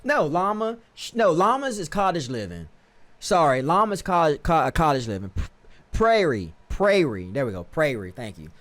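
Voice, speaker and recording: A man's voice: a little high, big pitch swings, normal speed, a bit bright. A man streaming a life-sim game, giving casual, slangy commentary and often stopping to correct himself.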